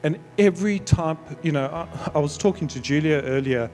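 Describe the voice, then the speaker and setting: Father of the bride, middle-aged, a bit high, sentimental storyteller, stumbling warmly through his speech. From South Africa. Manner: sentimental, storytelling with halting restarts. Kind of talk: wedding speech. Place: wedding reception.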